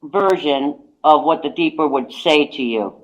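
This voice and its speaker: Speaking a little slowly in a deep voice, a psychic woman narrates a long story during a casual radio talk show, repeatedly using "I says." The sound is lo-fi.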